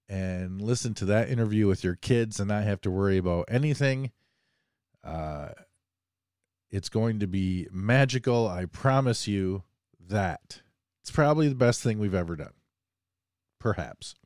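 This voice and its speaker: A man's voice: fairly low pitch, darkish tone, clean tone, no echo, studio quality. A man hosting a casual podcast, joking and rambling as he talks, a bit under the weather. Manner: joking, rambling, self-deprecating. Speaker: podcast host.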